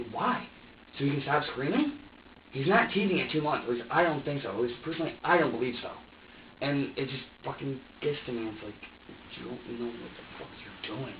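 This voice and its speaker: A man being questioned in an interrogation room, telling his story in a heated, profane, rambling way. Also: medium pitch. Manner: profane, heated, rambling, quotes both sides of an argument. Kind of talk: agitated recounting in an interrogation. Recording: echoey room, distant muffled mic, faint hiss.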